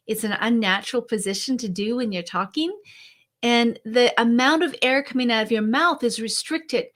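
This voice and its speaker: A woman's voice: fairly high pitch, fairly bright tone. A woman speaking coach hosting a weekly video tip, talking straight to the viewer in an upbeat, conversational way. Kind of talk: direct-to-camera coaching tip.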